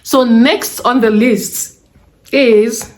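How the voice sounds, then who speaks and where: A young woman with a Nigerian accent giving advice in a casual vlog from a room at home, animated and chatty with Pidgin asides. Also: on the high side, extremely slow. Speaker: vlogger. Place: room at home with the windows closed.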